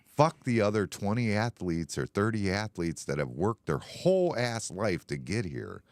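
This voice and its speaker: A man's voice: fairly low pitch, very animated, moderate pace, no echo. A man hosting a casual bar-talk live stream, blunt and sarcastic, swearing freely. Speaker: podcast host.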